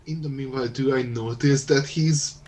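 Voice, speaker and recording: A man's voice: medium pitch, fairly even intonation, moderate pace, a little mellow. A man playing in a tabletop game, speaking tentatively and checking before his character acts. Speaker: player. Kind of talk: casual tabletop game chat.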